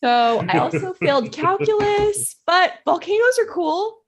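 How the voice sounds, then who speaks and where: A young woman guest on a podcast, chatting in a quick, self-deprecating way. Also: very high-pitched, very animated, crowd noise. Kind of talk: casual podcast chat.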